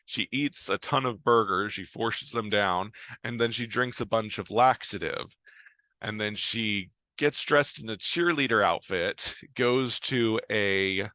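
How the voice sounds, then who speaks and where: A man's voice: fairly low pitch, measured pace, sharp tone, no room sound. A man retelling a show's plot in a casual, rambling way, full of ums and restarts. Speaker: show recapper.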